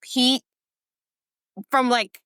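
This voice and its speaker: A woman's voice: high voice, little pitch movement, extremely slow, bright, forceful tone, clean tone, no echo, clean studio sound. A woman co-hosting a podcast, casually chatting about a movie with blunt, joking asides, frequent laughs and swearing. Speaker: podcast co-host. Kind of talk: casual movie recap chat.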